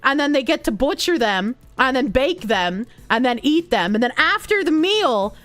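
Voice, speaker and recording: High, lively young woman streamer. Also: normal speed, no echo. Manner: animated, laughs often, thanks donors. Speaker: livestreamer. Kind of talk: live stream chat reading.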